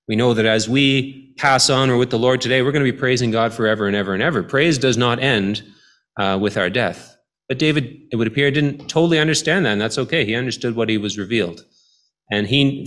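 A man's voice: medium pitch, fairly bright tone. A man preaching a sermon in a conversational way, building to emphatic appeals.

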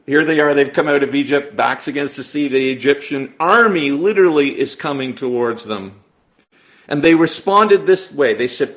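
A man in the middle of a sermon, preaching earnestly to his congregation. His voice sits at an ordinary middle pitch. He asks rhetorical questions and often repeats words as he pushes his point. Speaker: pastor.

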